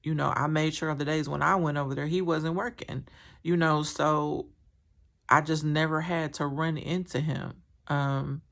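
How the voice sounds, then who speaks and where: Candid woman with a gravelly voice. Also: sits low, fairly even intonation, normal speed. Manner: candid, rambling, many fillers. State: emotional, recounting trauma. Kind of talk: personal storytelling vlog.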